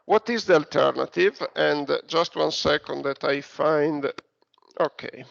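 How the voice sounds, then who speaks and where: A man from Italy, speaking with an Italian accent, gives an online university lecture in a creaky, fairly high voice without hurrying. He hesitates a lot, using many fillers and starting over, all captured in a dull lo-fi recording.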